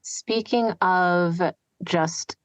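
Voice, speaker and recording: A woman from Kentucky hosting a podcast interview, talking in a relaxed, reflective way. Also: fairly low pitch, very slow, no room sound. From Kentucky, USA. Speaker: podcast host and audiobook narrator. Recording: dry, dull lo-fi sound.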